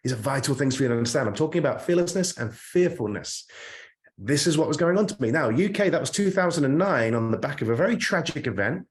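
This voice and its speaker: A man's voice: mid-range voice, lively intonation, fast talker. A British man from the United Kingdom giving an earnest, emphatic motivational talk as a career coach, often repeating words as he stresses a point.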